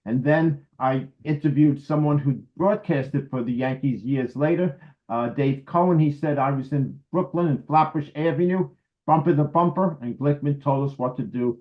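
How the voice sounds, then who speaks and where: A man's voice: on the high side, moderate pace, muffled recording. A man in his seventies from New York City, giving a lecture over a video call in a wry, anecdotal, conversational way. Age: 70s. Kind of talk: storytelling lecture.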